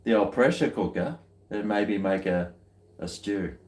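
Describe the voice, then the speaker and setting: Slow, low-voiced Australian man, rambling. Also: darkish tone, roomy sound. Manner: rambling, dry, muttered asides. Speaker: beer-tasting vlogger. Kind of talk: casual chat while tasting beer.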